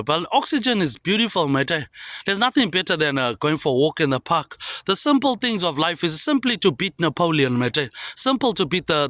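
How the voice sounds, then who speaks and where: A man rambles on in a high, swooping voice that leaps up and down. He keeps tacking a low "mate, eh" onto his lines. The sound is close and dry. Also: a bit bright, dry recording. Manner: repetitive, trailing "mate, eh" tags dropped low. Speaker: vlogger. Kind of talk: rambling monologue.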